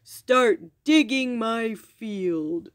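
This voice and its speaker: A woman voicing a boastful male giant in a storybook reading, speaking slowly and mockingly. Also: expressive, dry recording, studio quality. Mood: gloating. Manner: slow, booming, mocking.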